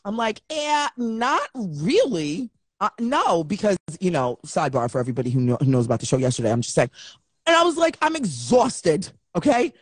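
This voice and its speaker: A woman hosting a live show, telling stories with animated energy and acting out back-and-forth exchanges. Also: low-pitched, fast, husky, dry recording. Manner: animated storyteller who acts out exchanges. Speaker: host of a live online show. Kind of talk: casual live-stream chat. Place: at home.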